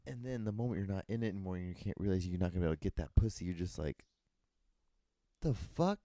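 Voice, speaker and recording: A man's voice: low voice, rapid-fire, warm tone, no room sound. A young man hosting a solo podcast, rambling in casual chat, swearing often and acting out quoted lines. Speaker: podcast host.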